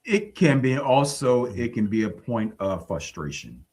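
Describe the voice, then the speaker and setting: A man's voice: medium pitch, very animated, unhurried, a little mellow. A man hosting a Christian talk podcast, explaining his point in long, looping sentences. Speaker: podcast host. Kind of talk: casual faith discussion.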